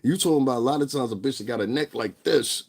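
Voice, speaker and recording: Brief: husky male vlogger, mid-pitched, profane and blunt, emphatic rant. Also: fast, a little mellow. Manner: profane, blunt, emphatic, laughs between points. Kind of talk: ranting commentary.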